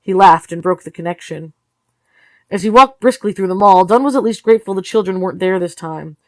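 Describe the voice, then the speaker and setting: A tired woman reading a novel aloud in steady, low-key storytelling narration. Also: a little fast, no room sound. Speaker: audiobook reader. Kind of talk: read-along narration of a novel.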